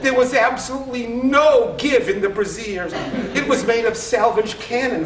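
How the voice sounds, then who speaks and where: Reading aloud to a loud crowd in a store showroom, this sixties-aged man has a very high voice and keeps a moderate pace with hardly any pauses. He delivers his funny family tale wryly, landing punchlines, captured on a distant mic in an echoey space.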